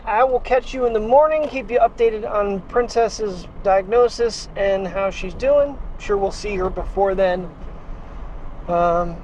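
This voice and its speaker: At home and out in the backyard at night, a daily vlogger talks casually to his camera about his sick dog, rambling and sounding worried. He films on a handheld gimbal with a wireless mic, and his high-sitting voice comes through with the highs cut off and a little hiss or hum.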